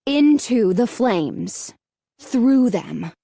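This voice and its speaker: Slow-reading woman narrator. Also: fairly high pitch, sing-song, vocal fry, dark tone, dry recording, studio quality. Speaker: audiobook narrator. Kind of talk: scripted narration.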